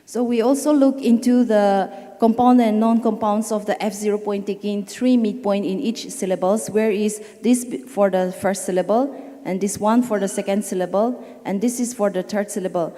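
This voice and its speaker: A woman's voice: mid-range voice, fairly even intonation, normal speed, warm tone. A woman giving an academic conference presentation, speaking with hesitations and self-corrections. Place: conference hall. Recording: reverberant hall audio.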